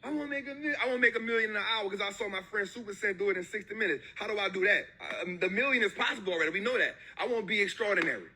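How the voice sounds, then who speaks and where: A man with a fairly high, very bright voice, edged with a husky grain, gives a motivational talk. He drives his points home with repetition and slangy, emphatic street talk. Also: very fast, hardly any pauses. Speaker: motivational speaker.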